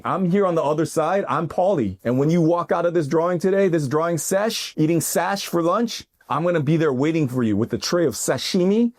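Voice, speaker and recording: A middle-aged man hosting his own art video, giving an animated, jokey motivational monologue that keeps rising into loud bursts. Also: on the high side, fairly quick. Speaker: artist and video host. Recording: music bed under the voice.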